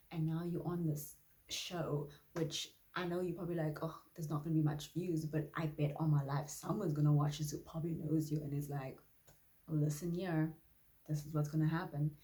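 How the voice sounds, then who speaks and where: A woman improvising a loud, mocking male entertainer who teases in a sing-song voice. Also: deep voice, close to an everyday voice. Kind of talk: improvised comedy.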